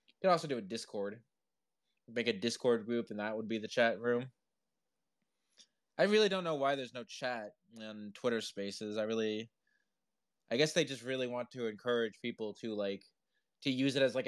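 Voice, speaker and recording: Rambling guy chatting on a live stream. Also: mid-range voice. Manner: rambling, laughs often, full of "like" and "uh". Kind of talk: casual chat on a live audio stream. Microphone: headphone built-in microphone.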